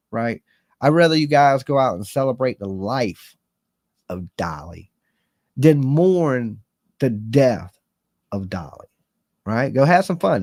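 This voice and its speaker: A middle-aged man chatting with his stream viewers in an earnest, rambling, folksy way, dropping slang as he goes. His voice is of average pitch. The sound is dry and close, with no room around it. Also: vocal fry, dry recording. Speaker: live-stream host. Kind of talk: casual live-stream chat.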